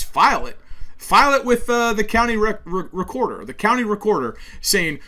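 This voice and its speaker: Male host, fairly high-pitched, forceful and preachy delivery with stumbles. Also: sing-song, a little fast. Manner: emphatic, preachy, stumbles over words. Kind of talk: political monologue.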